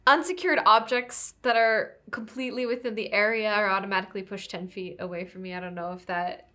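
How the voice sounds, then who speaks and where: A woman playing a tabletop game, excitable, swearing and laughing as she describes her turn. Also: medium pitch, a little fast. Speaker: player.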